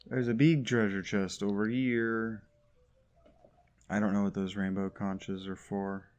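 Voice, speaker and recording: A man's voice: on the low side, flat delivery, a little slow, darkish tone, lo-fi sound. A man giving sarcastic, grumbling commentary while playing a video game. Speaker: gaming YouTuber. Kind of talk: casual let's play commentary.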